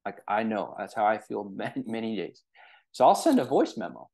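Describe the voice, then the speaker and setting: Very animated and fairly quick, this man speaks in a low, slightly mellow voice with vocal fry while leading a casual real estate training. He checks in with listeners often, leaning on fillers and rhetorical "right?".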